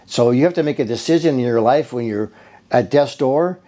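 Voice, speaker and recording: A man's voice: mid-range voice, a little fast, mellow. A man telling his own patient story in a casual, rambling and earnest way. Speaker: bodywork therapist giving a patient testimonial. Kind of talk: casual spoken testimonial.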